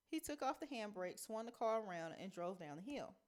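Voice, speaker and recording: A woman teacher reading a novel aloud in a measured storytelling manner. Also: medium pitch, lively intonation, a little mellow, a little hiss or hum.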